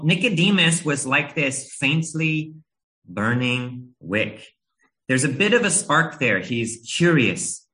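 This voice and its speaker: Bright-voiced man preaching a gentle sermon. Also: medium pitch, low-quality recording. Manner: gentle, earnest storytelling with uh fillers. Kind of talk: sermon with personal story.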